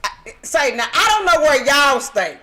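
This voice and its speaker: A woman from Texas with a Texan accent, hosting a podcast in casual, animated chat, laughing often and calling people baby. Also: high-pitched, moderate pace, slight background noise. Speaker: podcast host.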